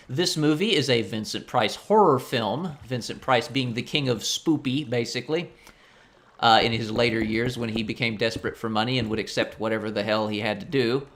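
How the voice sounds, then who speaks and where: A man hosting a game video, ranting in an animated, incredulous way. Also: medium pitch. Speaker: gaming channel host. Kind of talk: casual let's-play rant.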